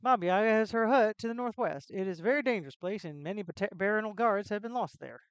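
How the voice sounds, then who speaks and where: A woman's voice: mid-range voice, fast talker, clear, resonant tone, no echo, muffled recording, natural voice. A woman reading as a plainspoken castle gatekeeper. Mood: informative. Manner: plain game-text reading.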